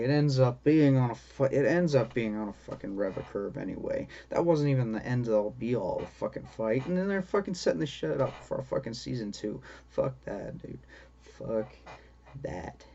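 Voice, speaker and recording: A man's voice: medium pitch, expressive, normal speed, vocal fry, dark tone. Profane ranting man, lo-fi sound. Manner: repeats "okay?" for emphasis. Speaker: vlogger. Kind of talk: ranting show review. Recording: dull lo-fi audio with faint ambient noise.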